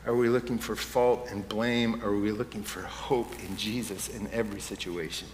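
A man's voice: fairly low pitch, steady tone, normal speed, slight background noise. A man preaching a sermon as pastor, conversational at first and rising to impassioned emphasis. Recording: echoey hall with faint room ambience.

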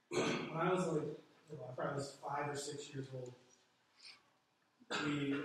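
Guy preaching, talks like he's telling a story, lots of echo, faint noise behind. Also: a little high. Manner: conversational storytelling, chuckles while telling. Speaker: pastor. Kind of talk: sermon. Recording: echoey room from a distant mic.

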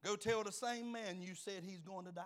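A man's voice: high voice, moderate pace. A man around sixty, preaching a fervent, folksy sermon to his congregation. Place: church in front of a congregation.

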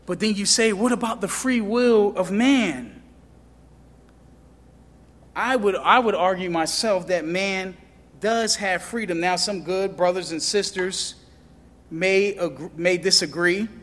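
A man preaching a sermon with impassioned delivery, rising to loud questions and dropping low for emphasis. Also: in a large hall. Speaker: pastor.

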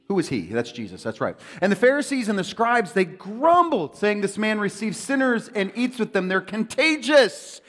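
Animated preacher in a big reverberant hall. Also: male voice, high voice. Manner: animated, joking, acts out quoted voices. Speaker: pastor. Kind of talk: sermon.

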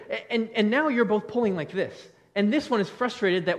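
A male pastor preaching a conversational sermon, acting out quick bits of dialogue as he goes. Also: sits high. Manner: animated, conversational preaching with quick acted-out quotes.

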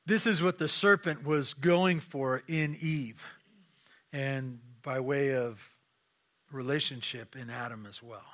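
A man's voice: medium pitch, slow pace, fairly bright tone. A man preaching a conversational sermon, asking rhetorical questions and often repeating his words.

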